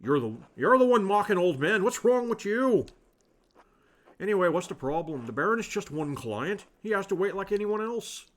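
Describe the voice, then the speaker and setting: A man voicing a pompous, cocky young lawyer who is also a monk, in a raised, theatrical voice. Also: expressive. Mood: belligerent. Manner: theatrical, raised pitch, loud and quick.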